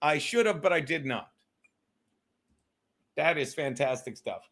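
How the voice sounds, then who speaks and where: A man's voice: on the high side, expressive, a little slow, heavy background noise. A male host chatting casually on a livestream, rambling and talking straight to his viewers in the chat. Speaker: podcast host reading live chat.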